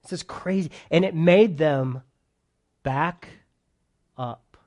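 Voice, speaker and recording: Animated high-voiced male preacher. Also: takes it slowly, muffled recording. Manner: animated, joking with the congregation, swings between loud and soft. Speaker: pastor. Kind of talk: sermon, verse-by-verse Bible teaching.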